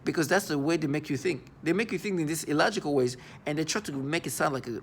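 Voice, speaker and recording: A man with a rough, gravelly voice speaks in a personal video monologue. He sounds agitated and disgusted, and keeps breaking off and restarting his sentences. Faint background noise runs under the recording. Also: a little high. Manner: halting, full of restarts and fillers. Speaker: vlogger.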